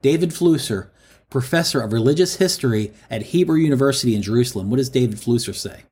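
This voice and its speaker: A man preaching a sermon, calling his listeners friends and repeating each quoted line slowly for emphasis. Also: medium pitch, lively intonation, a little mellow.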